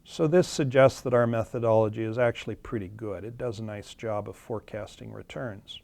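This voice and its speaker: A man walks through charts in a webinar presentation, explaining them plainly with some fillers and self-corrections. His lowish, gravelly voice is a little mellow and steady in tone, his pace brisk, and there is no echo.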